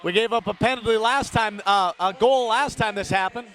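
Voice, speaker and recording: Male play-by-play hockey announcer, very high voice, rapid name calls, chatty asides to listeners. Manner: rapid-fire calls of player names, rising to shouts on big plays. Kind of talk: live play-by-play commentary.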